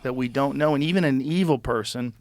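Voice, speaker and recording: Curious male host, measured and conversational, dry close sound. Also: mid-range voice, a little mellow, no room sound. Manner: curious, reflective, asks probing questions. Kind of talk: casual conversation.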